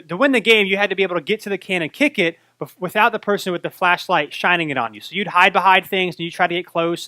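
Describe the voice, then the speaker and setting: A man in his thirties from North Carolina, a pastor telling a personal story in a sermon with lively storytelling. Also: high-pitched, dry recording. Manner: animated storytelling, acts out his own fright.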